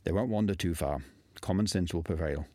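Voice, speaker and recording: Man doing an old wizard, measured, knowing, low husky tone. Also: a little mellow, no echo. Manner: measured, dry amusement. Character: calm knowing old male wizard master.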